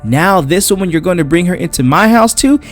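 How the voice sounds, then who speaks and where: A man's voice: high voice, lively intonation, a little fast, faint music behind. A man voicing a stern, blunt healer who lectures his patient in a comic recap. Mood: accusing.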